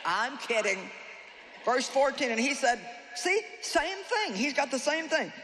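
A woman's voice: sits high, lively intonation, measured pace. A woman preacher delivering a conversational, humorous sermon to a live audience, often teasing her listeners. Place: large hall with live audience. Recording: reverberant hall, faint noise.

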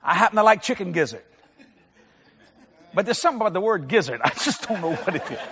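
A man's voice: high voice, very animated, fast talker, a bit bright, long reverb tail. A man preaching a sermon as pastor, telling folksy stories and teasing his congregation.

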